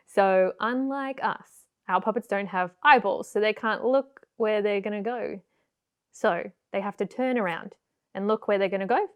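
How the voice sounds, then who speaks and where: A woman's voice: medium pitch, clean tone. A woman teaching a puppet-making workshop for children, cheerful and encouraging. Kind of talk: children's craft tutorial.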